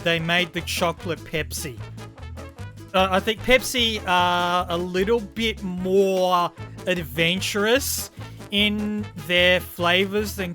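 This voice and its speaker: A female vlogger reacts to strange sodas in casual commentary, incredulous and swearing, often stammering in disbelief. Her voice is fairly low in pitch with a fairly bright tone.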